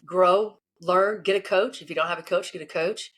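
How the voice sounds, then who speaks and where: A woman leadership coach answering interview questions, animated and acting out the people in her stories. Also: lowish voice, normal speed. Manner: animated, acts out quoted people. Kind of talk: casual interview answers, storytelling.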